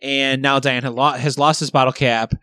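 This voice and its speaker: A man's voice: medium pitch, flat delivery, moderate pace, bright, forceful tone, no echo, clean studio sound. A man in casual podcast chat, retelling a favorite sitcom episode in a rambling way, swearing freely and using lots of fillers. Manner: rambling, profane storytelling with many fillers.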